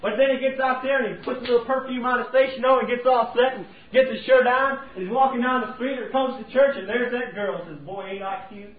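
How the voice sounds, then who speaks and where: A man's voice: very high-pitched, steady tone, fast, few pauses. A man preaching a sermon in a folksy way, acting out everyday scenes. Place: church sanctuary. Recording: tinny, roomy, from far off.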